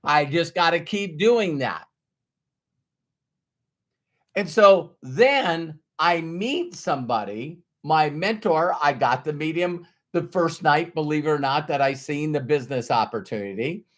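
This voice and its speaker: A man with a fairly high voice gives a motivational business talk. He tells his story in an animated, emphatic way and repeats key phrases for effect. It sounds like a coach speaking directly to his followers. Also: measured pace. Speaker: business trainer.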